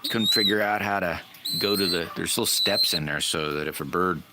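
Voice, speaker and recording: Deep-voiced man rambling to his chat. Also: brisk. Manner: rambling and folksy, addresses chat by name. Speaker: livestream host. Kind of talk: casual chat with viewers. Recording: loud background noise.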